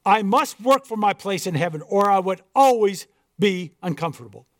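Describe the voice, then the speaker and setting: A man's voice: high-pitched, expressive, normal speed, dry recording, clean studio sound. A man voicing a proud, devout old pearl diver in an earnest, formal storybook reading.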